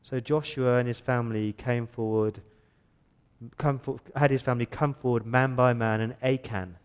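A man's voice: mid-range voice, steady tone, moderate pace, clean tone. A male pastor preaching an earnest, emphatic sermon in a church, often repeating words as he builds his point.

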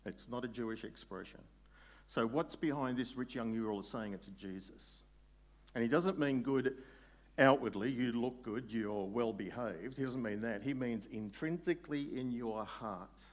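A man preaching a sermon in a conversational way, putting questions to his listeners and slowing down on key words. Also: medium pitch. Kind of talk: sermon, Bible exposition.

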